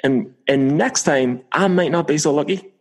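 A man's voice: fairly high pitch, moderate pace, low-quality recording. A man co-hosting a casual podcast chat, playful and given to mock-dramatic confessions. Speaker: podcast co-host.

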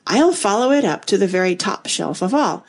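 A woman voicing a polite, earnest little girl who speaks gently and a little plaintively. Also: mid-range voice, very animated, moderate pace.

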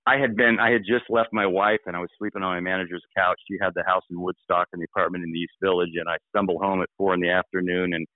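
A man's voice: low voice, steady tone, fast talker, few pauses, no room sound. A male rock musician telling stories in a casual interview, rambling with restarts. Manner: rambling, with frequent restarts and laughs. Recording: tinny phone line.

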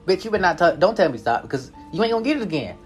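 A young man telling a casual story in a profane, slangy, animated way, full of filler tags. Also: high voice, very fast, faint music behind.

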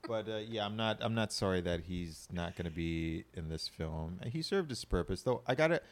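A man co-hosting a casual, profane chat about films, animated and quick to act out quotes. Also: deep voice. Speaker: podcast co-host.

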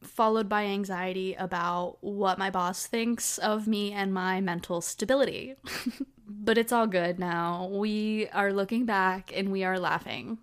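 A woman in her twenties hosts her own podcast, telling stories in a casual solo chat full of fillers. Her medium-pitched voice is smooth and steady, and she never hurries.

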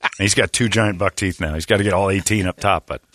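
A man's voice: sits low, steady tone, fast, a bit bright, no echo. A man hosting a morning radio show, wisecracking and laughing often as he jokes with his co-hosts. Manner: wisecracking, laughs often, slips into mock voices. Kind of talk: joking morning radio banter. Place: radio studio. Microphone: studio microphone.

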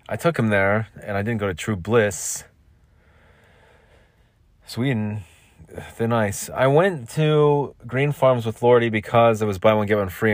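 In a dry recording, a medium-pitched man rambles through a loose monologue for his own podcast from a makeshift home vocal booth. Worn out after a long work shift, he loses his train of thought and keeps repeating himself.

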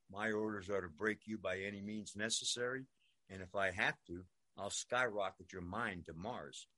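A man's voice: mid-range voice, bright, forceful tone. Older man from Brooklyn, rambling, salty storyteller, mid-range voice. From Brooklyn, New York. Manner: rambling and profane, peppered with "man" and "you know". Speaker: former prisoner telling his story. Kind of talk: personal storytelling monologue.

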